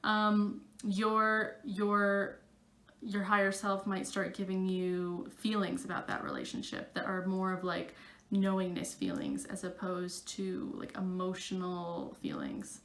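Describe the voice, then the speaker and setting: A woman's voice: mid-range voice, takes it slowly, gravelly, a bit bright, echoey room. A woman psychic coach talking casually to her camera, chatty and full of fillers.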